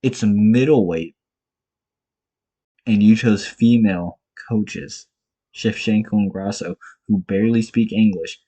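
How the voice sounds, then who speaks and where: Husky, dark-toned and fairly low, the voice belongs to a young MMA commentator vlogger who speaks unhurriedly. He rants about fight cards on his own vlog in a casual, profane, blunt and exasperated way, pounding his points in short, repeated bursts.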